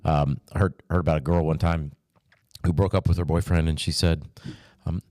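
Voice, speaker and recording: A man speaking as a pastor, teaching in a relaxed, chatty way with light humor and scripture quotes. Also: very deep voice, moderate pace, no echo, studio quality.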